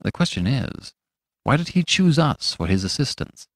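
A man's voice: medium pitch, sing-song, moderate pace, dry recording, studio quality. A man voicing a reckless young doctor who talks in a cool, sneering, worldly way.

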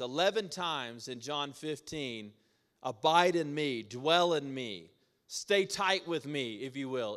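A man preaching a conversational sermon in a church, energetic and asking the congregation questions. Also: a little high. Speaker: pastor. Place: church auditorium. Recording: echoey church hall.

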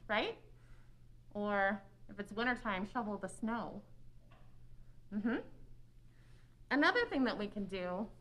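A woman leading a children's sermon in a church, speaking in an animated, sing-song way to young children and closing with a prayer. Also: on the high side. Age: adult. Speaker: children's minister. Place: church sanctuary. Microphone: wearing a face mask.

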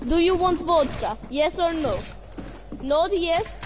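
A woman's voice: extremely high pitch, lively intonation, slow pace. A woman streaming a game, chatting playfully and teasing her friends in a sing-song way. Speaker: gaming streamer. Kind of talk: casual gameplay chatter. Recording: noisy game stream audio.

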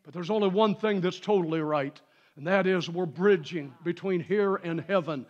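A man preaching a sermon in a church, telling a story, dropping to quiet asides and rising to shouted peaks. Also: high voice, normal speed, muffled recording. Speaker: pastor. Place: church sanctuary.

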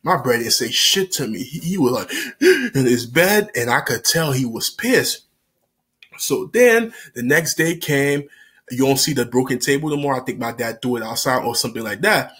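Animated man telling a story. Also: mid-range voice, normal speed. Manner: animated, slangy, laughing storytelling. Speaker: vlogger. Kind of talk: casual storytelling.

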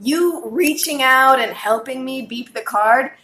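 A woman guest in casual chat, blunt and animated, swearing freely as she tells stories. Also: sits high, a little slow. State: buzzing on caffeine. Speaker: podcast guest. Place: New York.

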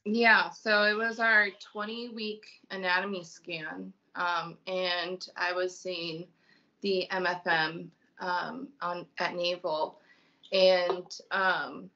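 Woman from illinois, lots of ums, bright but kinda gravelly, muffled sound. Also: fairly low pitch, little pitch movement. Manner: slow, halting, many ums. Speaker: guest, mother. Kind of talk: personal storytelling.

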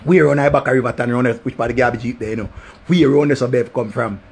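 A man's voice: mid-range voice, fairly even intonation, rapid-fire, gravelly, husky. A man with a Jamaican accent telling a crude, rambling story in heavy patois, full of swearing. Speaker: vlogger.

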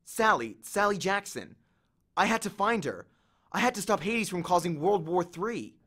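Expressive man reading a novel aloud. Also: sits high, moderate pace, slightly rough. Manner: expressive storytelling. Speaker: audiobook reader. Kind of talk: first-person novel narration.

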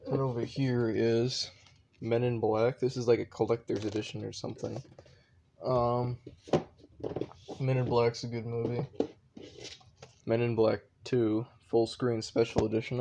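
A man's voice: medium pitch, level tone, normal speed, long pauses, highs cut off. Rambling young man, noisy home recording. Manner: rambling, unsure, lots of shrugging asides. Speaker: vlogger. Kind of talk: casual offhand commentary. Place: home room with shelves.

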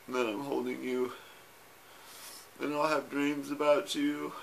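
A man's voice: medium pitch, little pitch movement, unhurried, gravelly, slight background noise. A man, tearful, recording a rambling and tender video message to his wife, with fillers and swearing. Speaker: husband saying goodbye. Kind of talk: personal video message to camera. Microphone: self-recorded camera.

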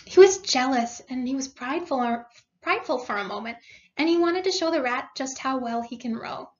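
A woman's voice: high-pitched, animated, a little fast. A woman teacher reading a storybook aloud to her class and explaining it with questions. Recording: dull lo-fi recording.

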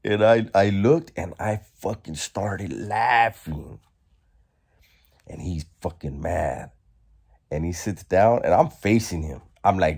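Man, very deep voice, animated and slangy, casual vlog storytelling. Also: slow pace, slightly rough. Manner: animated, profane, slangy, breaks into laughter. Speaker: vlogger.

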